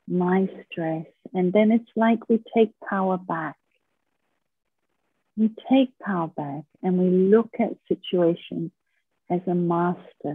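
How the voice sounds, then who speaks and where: A woman teaches a stress workshop in a slow, unhurried way. Her voice is husky and a little low. The sound comes thin and phone-like, as if over a call. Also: no room sound. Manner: calm, patient, often checks in with "right?". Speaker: workshop speaker. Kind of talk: slow, gentle talk on managing stress. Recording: tinny phone-like line.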